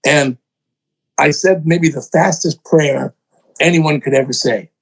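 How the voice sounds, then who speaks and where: An older man, a songwriter and producer, telling animated stories in an interview, acting out other people's voices and poking fun at himself. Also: fairly high pitch, a little slow, vocal fry, poor audio. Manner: excitable, acts out voices in quotes, self-mocking.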